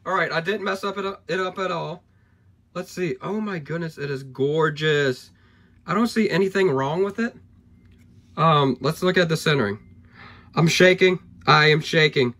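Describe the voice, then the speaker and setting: A man opening trading card packs on camera, excitable and hyped, thinking aloud as he goes and losing his voice. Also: high voice. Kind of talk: excited pack-opening vlog.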